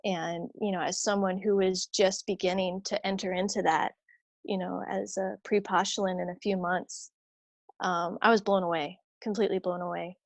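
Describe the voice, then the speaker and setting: A religious sister telling a personal story in a conversation, animated and chatty, acting out what others said. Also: female voice, medium pitch, moderate pace, no room sound. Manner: animated, acts out quoted voices; chatty, many fillers and restarts.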